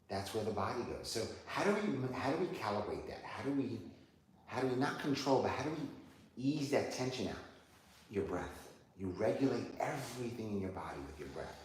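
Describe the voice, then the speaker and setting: A man who teaches yoga, calmly cueing breath and poses as he leads a class on video. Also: on the low side. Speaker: yoga teacher and personal trainer. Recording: roomy studio, heard from a distance.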